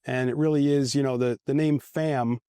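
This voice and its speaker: A man's voice: mid-range voice, fairly even intonation, moderate pace, mellow, smooth, no room sound. Chatty man telling old team stories. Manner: rambling, self-amused anecdotes with restarts. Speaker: former football equipment manager. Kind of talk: casual storytelling interview. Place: outdoors at a golf event.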